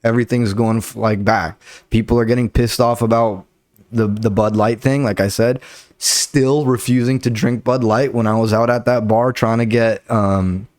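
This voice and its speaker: A man's voice: mid-range voice, steady tone, moderate pace, darkish tone, no echo, clean studio sound. A young man, a comedian hosting his podcast, telling rambling, profane stories and acting out the people in them. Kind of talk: casual solo storytelling. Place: Los Angeles area.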